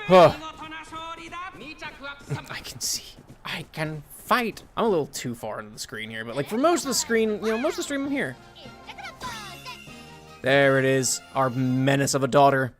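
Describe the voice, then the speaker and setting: Chatty male streamer, very expressive pitch, giggly, faint chiptune bed. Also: normal speed, pauses often, faint music behind. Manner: chatty, animated, giggly, swears casually. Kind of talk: casual gameplay commentary.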